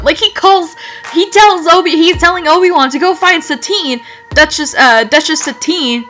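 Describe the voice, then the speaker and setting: Giggly high-voiced woman reading aloud. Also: moderate pace, bright, forceful tone, poor audio. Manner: laughs often, mocking asides. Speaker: reader of fan fiction. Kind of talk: comedic reading with commentary. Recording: background guitar music.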